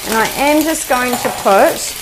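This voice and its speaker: A woman's voice: high-pitched, unhurried, very noisy. Chatty New Zealand woman cooking. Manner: chatty, homely, explains as she cooks. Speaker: cooking show host. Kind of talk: live cooking demonstration.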